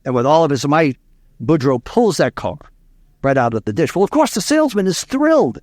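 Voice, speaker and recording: In an interview, a Louisiana man who works as a speaking coach shares stories, hammering home key lines with emphasis. He speaks on the high side in a sing-song, fairly quick way with a darkish tone, captured dry with clean studio sound.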